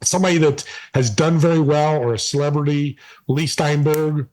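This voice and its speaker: An energetic man speaks as an interview guest, pressing his points hard with emphatic delivery. His voice sits on the high side for a man. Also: normal speed, low-quality recording. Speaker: podcast host and guest. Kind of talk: casual interview storytelling.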